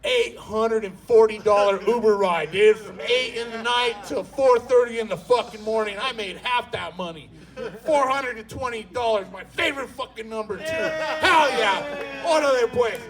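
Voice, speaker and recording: A man's voice: high voice, moderate pace, poor audio. A man doing stand-up on a comedy club stage, telling a profane story and talking straight to the crowd. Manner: profane, punchy, talks to the crowd.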